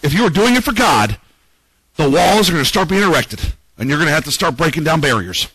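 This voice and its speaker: A man's voice: on the high side, big pitch swings, brisk, bright, forceful tone, breathy edge, dry recording, low-quality recording. A man preaching a sermon as pastor, dramatically acting out quoted prayers and voices. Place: church.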